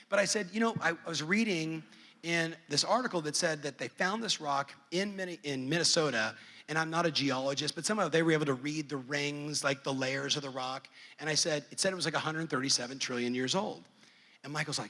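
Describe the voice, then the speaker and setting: Bright animated man in a reverberant hall. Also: a little high, a little fast. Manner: animated storyteller acting out family dialogue. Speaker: conference speaker. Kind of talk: storytelling keynote. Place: large conference hall.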